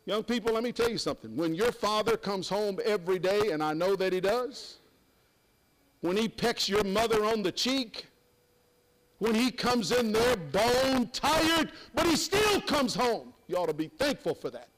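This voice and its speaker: Older guy preaching, high voice, folksy, keeps punching words with big woo's. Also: animated, moderate pace, a bit bright, poor audio. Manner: emphatic, folksy preaching with sudden exclamations. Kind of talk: sermon.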